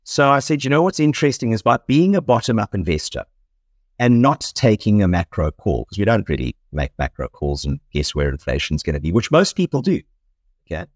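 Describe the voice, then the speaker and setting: A man's voice: lowish voice, big pitch swings, a little fast, dry recording, studio quality. A middle-aged South African man with a South African accent, a fund manager guest talking in a rambling, self-correcting way and laughing easily. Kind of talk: conversational interview.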